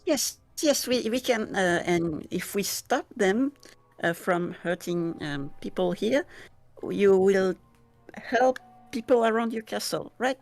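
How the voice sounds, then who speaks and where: A woman's voice: mid-range voice, expressive, takes it slowly, darkish tone, faint music behind. A woman playing a tabletop game, talking hesitantly with many fillers. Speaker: player. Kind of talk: tabletop role-play.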